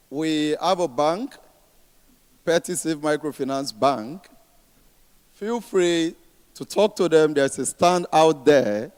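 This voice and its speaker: Nigerian man on stage in a reverberant hall, clear and a touch high. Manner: chatty, informal asides. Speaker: speaker representing a bank. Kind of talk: conference address. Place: large conference hall. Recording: long reverb of a big hall.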